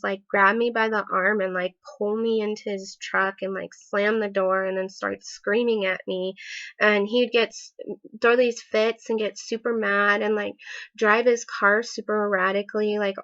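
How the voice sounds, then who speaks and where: A woman's voice: mid-range voice, a bit bright. Hesitant woman telling a personal story. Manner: hesitant, full of fillers and restarts. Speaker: vlogger. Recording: slightly dull lo-fi audio.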